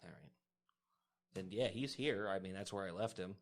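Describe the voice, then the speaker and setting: A man's voice: deep voice, moderate pace, gravelly. A man playing a tabletop game in character, playful and sarcastic. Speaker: player. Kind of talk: in-character tabletop role-play.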